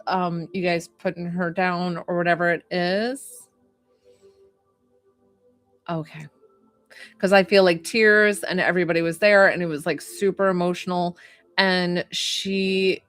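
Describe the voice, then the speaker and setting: Young woman medium chatting on a livestream, lowish voice, dry close sound, lots of likes and ums. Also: steady tone, slow, fairly bright tone, no room sound, soft background music. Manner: chatty, filler-heavy, emotional. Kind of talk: casual livestream reading.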